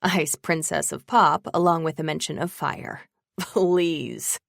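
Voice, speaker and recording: Woman doing a snarky young guy bestie, teasing and over the top, slight gravel in the voice, dry close sound. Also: on the low side, animated, normal speed, no echo. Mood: indignant. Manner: teasing, dramatic, sarcastic. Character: sarcastic, playful young male best friend.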